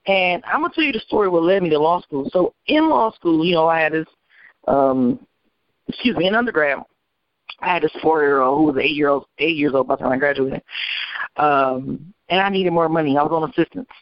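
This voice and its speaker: A woman attorney from Michigan telling her life story as an interview guest, animated and acting out the people she quotes. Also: deep voice, a little fast, dry recording. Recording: dull, dry lo-fi recording.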